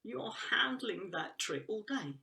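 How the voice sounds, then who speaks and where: Woman, guest, gravelly fry, casual rambling chat, enthusiastic. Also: mid-range voice, lively intonation, a little slow, bright, forceful tone. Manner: enthusiastic, rambling with frequent restarts and laughs. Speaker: guest expert on trees and woodland work.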